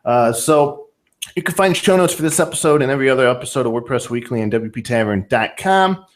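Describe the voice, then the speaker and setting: A man's voice: medium pitch, animated, brisk. A man with a Northern Ohio accent hosting a podcast in a casual, conversational way, often restarting and repeating words. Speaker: podcast host.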